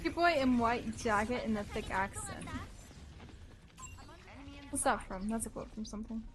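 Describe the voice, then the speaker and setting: A woman's voice: a little high, lively intonation, normal speed. A young woman streaming a video game, chatting casually with viewers in a playful, teasing way and cheering her plays. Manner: playful and teasing, reads chat aloud and cheers during fights. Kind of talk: casual gameplay chat with viewers.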